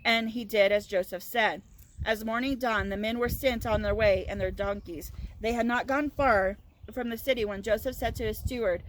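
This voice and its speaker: A fairly high-voiced woman teacher reads a scripture passage aloud, then breaks off to retell it in relaxed, everyday words. A faint hiss of background noise sits under her voice. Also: moderate pace, low-quality recording. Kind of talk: reading and explaining a Bible story.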